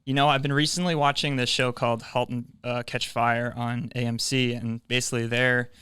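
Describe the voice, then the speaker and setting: A man's voice: mid-range voice, level tone, fairly quick, a bit bright, smooth, dry recording, studio quality. A man working as a podcast producer, chiming in casually and offhandedly. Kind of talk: casual chat.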